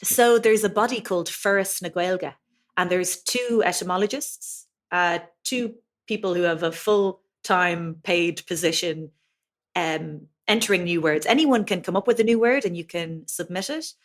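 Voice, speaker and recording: A woman's voice: fairly low pitch, moderate pace. A woman with an Irish accent, a language teacher being interviewed, explaining things patiently with plenty of examples. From Ireland. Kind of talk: conversational interview.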